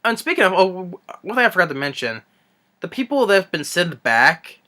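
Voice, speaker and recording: A man reviewing a film in an unscripted rant, exasperated and scornful, rambling with halting restarts and fillers. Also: high-pitched, big pitch swings, pushed and bright. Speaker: movie reviewer.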